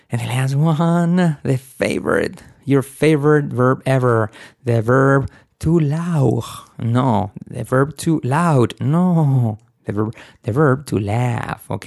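A man's voice: mid-range voice, creaky, darkish tone, no echo, studio quality. A man teaching English grammar in a playful, chatty way, switching between examples and humming song bits. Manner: playful, chatty, hums and sings song snippets. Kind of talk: casual grammar lesson to Spanish speakers.

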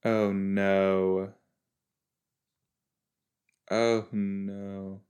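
A man's voice: low-pitched, level tone, very slow, a little mellow, clear, resonant tone. A man hosting a podcast, reacting casually to a TV episode, chatty and rambling, often cutting himself off with exclamations. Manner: chatty, rambling, exclaiming with frequent self-interruptions.

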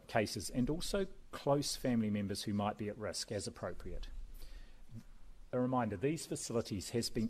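A man speaking as a health official in a measured, calm press briefing. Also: fairly low pitch, breathy edge.

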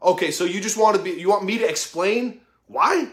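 A man's voice: sits high, fairly quick, a bit bright. A man in his thirties giving a blunt, profane motivational talk, open and emphatic about his own weaknesses. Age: 30s. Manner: blunt, heavy swearing, emphatic, self-revealing. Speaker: motivational vlogger. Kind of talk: profane motivational monologue to camera. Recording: echoey room.

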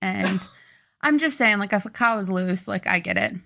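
A woman's voice: medium pitch, lively intonation, normal speed, gravelly, sharp tone, slight background noise. A young woman co-hosting a podcast, rambling chattily through a story and poking fun at herself. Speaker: podcast co-host. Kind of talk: casual chat.

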